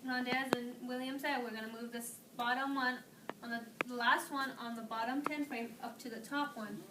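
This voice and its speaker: A woman's voice: fairly high pitch, fairly even intonation, normal speed. A woman teacher in a classroom, asking questions and praising her students. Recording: distant echoey classroom, clear noise.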